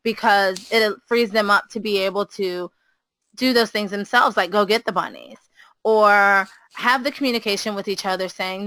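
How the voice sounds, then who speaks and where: A woman talks with a bright, forceful voice. She tells stories in a lively way and jumps up in pitch whenever she quotes a child or a parent. The sound is dry and close, with no room echo. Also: normal speed. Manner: animated storyteller, acts out quotes with a higher voice. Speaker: preschool teacher. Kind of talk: casual storytelling chat.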